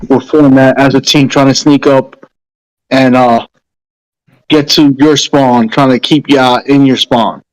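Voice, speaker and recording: Halting, word-searching man. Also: mid-range voice, steady tone, rough recording. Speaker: podcast panelist. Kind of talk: casual chat.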